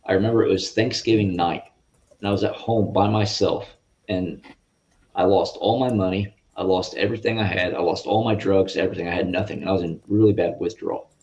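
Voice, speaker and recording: A man giving a guest's personal faith testimony in an interview, in an earnest, halting and rambling way over a video call. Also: low-pitched, steady tone, darkish tone. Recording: muffled lo-fi audio.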